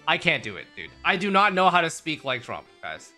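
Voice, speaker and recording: Bright-voiced young male streamer. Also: on the high side, huge pitch swings, a little fast, hardly any pauses, faint music behind. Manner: rambling, profane, talks to chat with restarts. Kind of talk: casual game reaction.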